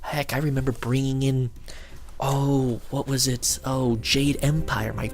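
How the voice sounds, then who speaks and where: A man talking casually to his camera, rambling and excited as he acts out what his friends said. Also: mid-range voice, unhurried, faint music behind. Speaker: video blogger.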